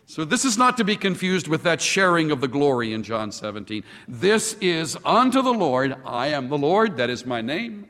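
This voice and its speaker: A man preaching a sermon with impassioned, emphatic repetition and long pauses on key words. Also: fairly high pitch, sing-song, sharp tone, faint music behind. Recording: long hall reverb.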